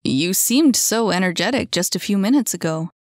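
A woman voicing a clumsy, gentle young man who speaks firmly with a gentle tease. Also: expressive, moderate pace, no echo, studio quality, close to an everyday voice. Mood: wry. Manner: lowered, firm, gently teasing.

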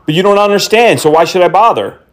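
Fast-talking, teasing prankster man. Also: sits high, lively intonation. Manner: mocking, teasing, playfully fake-naive. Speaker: scam-baiting prankster host. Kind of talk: prank phone call.

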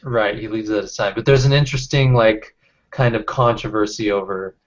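A man leading a casual online study group, reading out chat comments and talking with halting restarts over a video call. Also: fairly low pitch, fairly even intonation. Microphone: computer mic on video call. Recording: dull lo-fi call audio.

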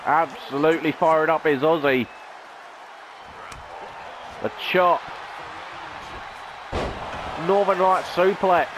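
A man's voice: on the high side, slow pace, long pauses, background noise. A man, a gaming channel host, calling a video game wrestling match play-by-play in a dramatic announcer style with rhetorical questions.

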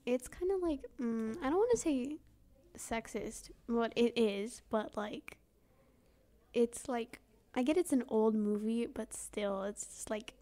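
A teenage girl in a relaxed chat with friends, speaking slowly in a slightly high voice. She hesitates a lot and lets sentences trail off with fillers. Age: teens. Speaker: podcast co-host. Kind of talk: casual chat.

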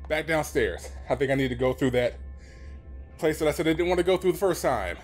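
A man's voice: fairly high pitch, expressive, a little fast, soft background music. A man playing a horror game and commenting, jumpy and nervous, swearing and reading the on-screen text aloud. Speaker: let's play host.

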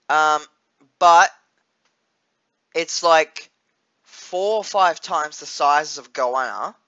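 A man's voice: on the high side, bright, forceful tone, lo-fi sound. A young Australian man chatting casually in a vlog, rambling with lots of fillers and restarts and swearing freely. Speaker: vlogger.

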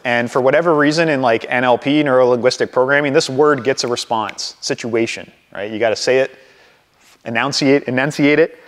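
A man leading a live sales training session for a group, coaching in an energetic way and acting out phone calls. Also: mid-range voice, brisk, big-room sound. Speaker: real estate sales trainer.

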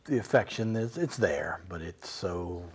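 Deep-voiced film director, chuckling. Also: male voice, animated, measured pace, husky. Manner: rambling, chuckling, self-mocking. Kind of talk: interview reminiscing.

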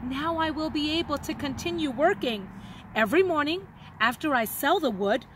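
Woman reading as a desperate village man, high tearful begging voice, storybook, faint background hiss. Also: lively intonation, moderate pace, fairly bright tone. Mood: grateful.

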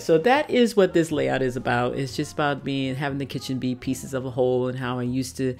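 A woman's voice: extremely low pitch, brisk, few pauses. An older woman chatting casually through a scrapbooking process video, rambling and often laughing at herself. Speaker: scrapbooking vlogger. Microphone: phone camera. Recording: soft background music.

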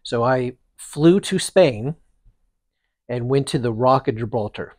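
Man, podcast co-host, animated rambling storyteller, mid-pitched, dry close sound. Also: measured pace, no room sound. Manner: animated, rambling, restarts often. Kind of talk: casual storytelling chat.

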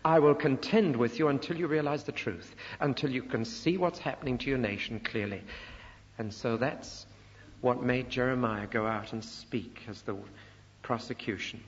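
An older man giving a Bible teaching sermon, emphatic and rising sharply on rhetorical questions. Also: mid-range voice. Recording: muffled recording in a reverberant hall.

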